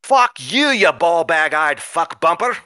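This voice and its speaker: A man's voice: a little high, lively intonation, unhurried, pushed and bright, clean tone, no room sound, clean studio sound, pitched above the performer's own voice. A man voicing a cranky, foul-mouthed male dwarf villain in a put-on Scottish accent, hurling crude insults. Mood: insulting.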